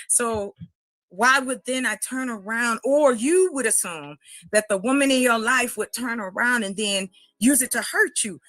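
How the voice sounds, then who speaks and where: A woman's voice: on the high side, lively intonation, measured pace, sharp tone, dry recording, low-quality recording. A woman on a talk panel, pushing back firmly and questioning the men's argument. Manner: firm, questioning, pushes back. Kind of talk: debate on a talk show.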